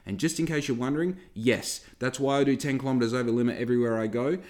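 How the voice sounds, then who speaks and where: A man's voice: mid-range voice, fast talker, darkish tone. A man hosting a podcast, ranting casually to his listeners and swearing heavily. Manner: heavy swearing, ranting, talks straight to listeners. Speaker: podcast host.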